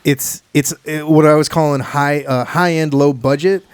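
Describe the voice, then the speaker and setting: Man from Hawaii, podcast host, rambling delivery, slightly high voice, dry close sound. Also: fairly even intonation, moderate pace, clear, resonant tone, no room sound. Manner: rambling, restarts often. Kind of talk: casual podcast chat.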